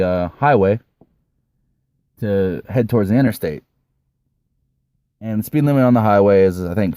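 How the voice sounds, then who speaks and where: A young man rambles through a personal story in a relaxed, offhand way, swearing now and then. His voice sits low and sounds mellow and warm. The recording is dry and close. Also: no room sound. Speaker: vlogger. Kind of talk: casual storytime.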